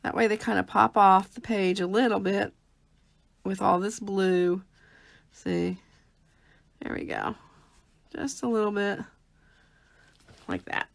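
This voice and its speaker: A woman's voice: medium pitch, fairly even intonation, takes it slowly, vocal fry, long pauses. A middle-aged woman hosting a casual live craft demo from home, chatty and talking through each step as she works. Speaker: papercraft host.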